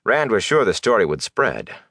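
A man reads a fantasy novel aloud in a low, deep voice. His delivery is dramatic and his pitch swings widely. The sound is close and dry, with no room around it. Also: normal speed, dry recording. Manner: expressive, dramatic. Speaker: audiobook narrator. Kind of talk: scripted fantasy narration.

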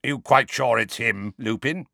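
A man's voice: unhurried, creaky, sharp tone, dry recording, clean studio sound, exaggerated voice. A man doing a growling, suspicious old wizard. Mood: gruff. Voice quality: low growling voice. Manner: barking, blunt warnings. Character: gruff grizzled old male wizard, suspicious and irritable.

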